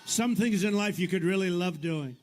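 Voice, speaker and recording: Older male politician, digressive mocking delivery, high-pitched, long reverb. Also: moderate pace. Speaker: politician speaking at rallies and on a podcast. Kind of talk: rambling rally speech and podcast chat. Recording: roomy reverb with faint background noise.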